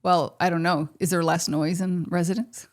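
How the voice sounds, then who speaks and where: A middle-aged woman co-hosting a casual home podcast, agreeable and quick to laugh. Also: fairly even intonation. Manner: agreeable, laughing, low-key. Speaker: podcast co-host.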